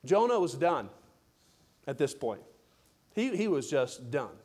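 High-voiced emphatic male preacher. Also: big pitch swings, a little slow, a little mellow, husky. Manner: emphatic, repetitive, prodding the congregation. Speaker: pastor. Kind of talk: sermon. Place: church service.

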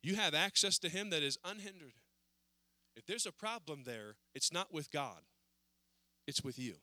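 A man preaching a sermon in a church service, earnest, rising to pleading and then dropping low. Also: expressive, normal speed, bright, forceful tone, no echo.

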